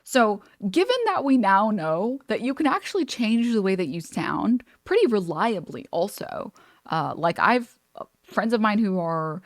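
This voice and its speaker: In a clean, studio-quality recording with no echo, a woman with a medium-pitched, sing-song voice speaks a little slowly. She's a streamer reacting to a video in casual live-stream chat, rambling with many fillers and restarts.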